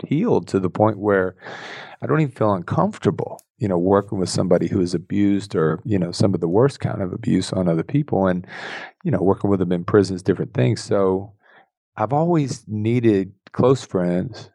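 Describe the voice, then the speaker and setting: Middle-aged male guest with a very deep, fry-heavy voice; candid, all-out, self-mocking. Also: animated, normal speed, mellow, no room sound. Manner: intense, laughs often, self-deprecating. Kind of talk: candid personal storytelling.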